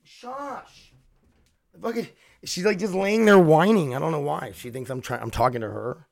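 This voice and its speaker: Gravelly man rambling on a podcast. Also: fairly high pitch, normal speed. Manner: rambling, profane, laughs often. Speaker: podcast host. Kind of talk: casual solo podcast chat. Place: home.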